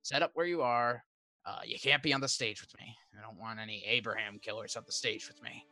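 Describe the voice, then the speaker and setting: A man's voice: medium pitch, fairly even intonation, a little fast, pushed and bright. A man running a tabletop game as game master, narrating casually with jokes and asides.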